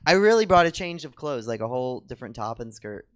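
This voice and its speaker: A man co-hosting a comedy show chats with a theater audience in a rambling, self-mocking, stand-up style. His medium-pitched voice is very animated, fast, and smooth.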